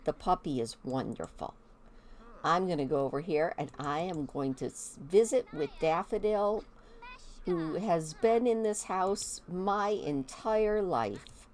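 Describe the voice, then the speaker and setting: A woman's voice: lowish voice, lively intonation, takes it slowly, darkish tone. Woman doing a chatty little toddler girl. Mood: playful.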